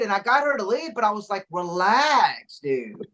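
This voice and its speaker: A man's voice: sits high, very animated, brisk, pushed and bright. Laid-back man spinning a story. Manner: laid-back storyteller who mimics the people he quotes. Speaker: comedian and podcast co-host. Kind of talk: casual storytelling chat.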